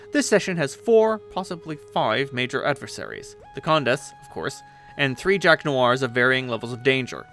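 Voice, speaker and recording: A man reading a webcomic aloud, voicing a brisk, impatient young leader briefing his team. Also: medium pitch, pushed and bright. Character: bossy young leader running a war meeting.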